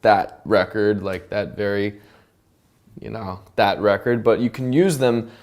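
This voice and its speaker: A man's voice: lowish voice, unhurried. A man, a songwriter and producer, casually talking through how he built a track, humming and scatting notes as he goes. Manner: relaxed, chatty, filler-heavy, hums and scats notes. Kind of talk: casual studio breakdown. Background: music tracks playing.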